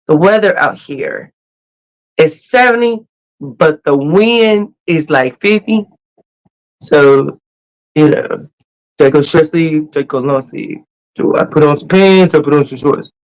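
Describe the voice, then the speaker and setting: A host chatting casually on a livestream, greeting viewers and telling stories in an animated, laughing way. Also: medium pitch, rough recording. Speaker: cruise channel host.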